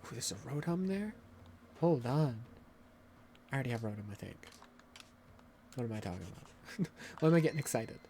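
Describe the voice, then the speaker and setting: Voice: medium pitch, sing-song, fairly quick, long pauses, dark tone, slight background noise. A streamer giving casual live commentary on a game, swearing freely, joking with chat and ranting at the game's mechanics.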